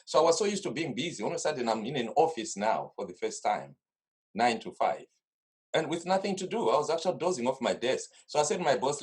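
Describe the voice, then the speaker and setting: A husky-voiced man talks at a brisk clip in a relaxed interview. He tells his story in an anecdotal way, slipping into the exchanges he once had. His voice sits at an ordinary pitch for a man. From Zimbabwe. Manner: lively anecdotal, reenacts past conversations. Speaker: guest.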